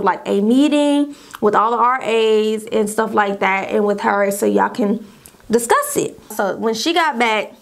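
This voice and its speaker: A young woman telling a casual story-time tale, acting out what other people said in an animated way. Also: mid-range voice.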